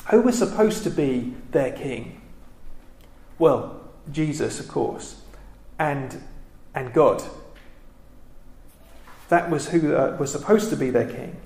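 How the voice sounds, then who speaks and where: A man giving a reflective Bible study talk, pausing often with ums and restarting his sentences. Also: on the high side, animated, mellow, reverberant. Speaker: Bible teacher.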